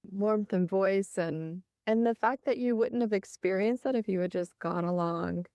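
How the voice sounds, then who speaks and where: A woman's voice: medium pitch, moderate pace, warm tone, no room sound. A woman hosting an interview, affirming her guest and asking open questions. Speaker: host. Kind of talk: conversational interview.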